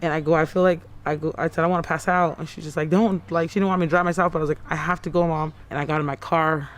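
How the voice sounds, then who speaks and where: A woman in her thirties being interviewed for the news. She recounts her story in a halting, repetitive way, often acting out her own quoted words. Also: low-pitched, fairly even intonation. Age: 30s. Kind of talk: personal account in a news interview.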